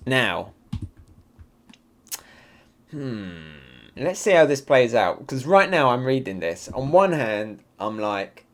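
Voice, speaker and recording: A man hosting a live comic reaction and review, excitable and thinking aloud with fillers. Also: mid-range voice, normal speed. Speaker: manga reaction channel host.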